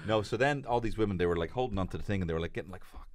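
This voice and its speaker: A man's voice: deep voice, very fast, dry recording. An Irish man hosting a casual comedy podcast, telling stories with lots of swearing and acted voices. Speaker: podcast host.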